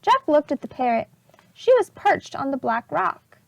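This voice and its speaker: A woman teacher reading a chapter book aloud to preschool children, slow and expressive. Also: high voice, creaky, background noise.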